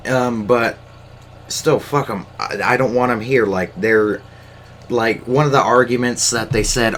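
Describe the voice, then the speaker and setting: A young American man hosts his own podcast, delivering a rambling, profane solo rant full of fillers and restarts. His mid-range voice is fairly bright and a little slow, with slight background noise.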